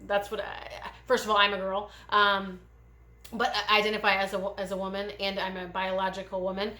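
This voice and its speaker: A woman giving a gentle, meandering pick-a-card tarot reading, speaking straight to her viewers with many pauses. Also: medium pitch, completely flat delivery, roomy sound. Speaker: tarot reader.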